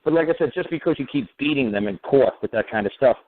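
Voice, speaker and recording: A man's voice: mid-range voice, animated, fast. A man hosting a radio talk show, rambling and profane, who keeps repeating "you know what". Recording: narrow phone-like radio audio.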